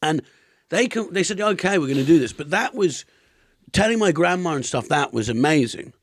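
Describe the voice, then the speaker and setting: Lively, high-voiced English man telling stories. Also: brisk, no echo, clean studio sound. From England. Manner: animated storytelling, laughs often, swears. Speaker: comedian and podcast host. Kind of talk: casual chat.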